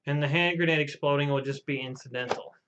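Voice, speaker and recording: A man hosting a casual live stream, making deadpan, mock-ominous pronouncements. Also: fairly high pitch, fast, highs cut off, background noise. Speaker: host playing the Hal character.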